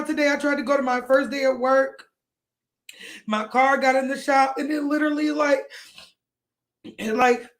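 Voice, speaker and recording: Brief: young woman streamer, high voice, crying through a rambling, apologetic plea to her viewers. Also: a bit bright. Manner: rambling, pleading, keeps apologizing. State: tearful, crying. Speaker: livestreamer. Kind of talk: emotional livestream talk to viewers.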